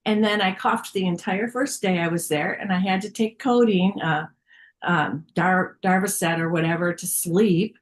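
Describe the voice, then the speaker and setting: Woman, candid storyteller, casual group sharing, mid-pitched. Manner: candid, storytelling, many fillers.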